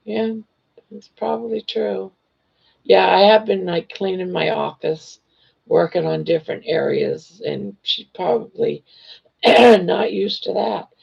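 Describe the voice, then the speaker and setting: An older woman hosting a casual livestream chat, reading viewer comments in a gentle, reassuring way while hoarse from losing her voice. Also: medium pitch, takes it slowly. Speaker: livestream host. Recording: dull lo-fi livestream audio.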